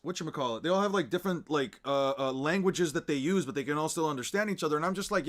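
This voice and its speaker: A man's voice: on the high side, fast talker. A young man streaming and chatting casually, rambling through his points with constant filler words and restarts. He is laid-back, laughs easily and swears now and then.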